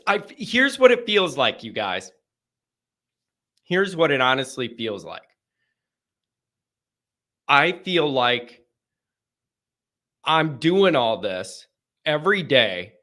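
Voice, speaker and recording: A man's voice: fairly high pitch, pushed and bright. A man hosting a live call-in sports show, sounding stuffed up and congested, talking in a hesitant, searching way that trails off and starts over.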